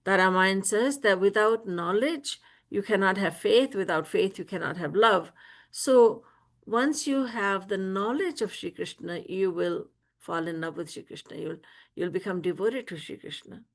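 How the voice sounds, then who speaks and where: A woman spiritual teacher tells a devotional story in a lively way and often breaks into laughter. She speaks in a medium-pitched voice over a video call. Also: unhurried. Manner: lively, laughs often while telling stories.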